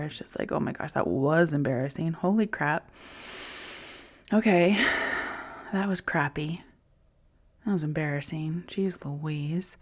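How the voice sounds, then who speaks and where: Soft-spoken woman slipping into whispers. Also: sits low. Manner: often drops into soft whispers; candid, casual swearing. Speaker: podcast host. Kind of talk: reflective personal monologue.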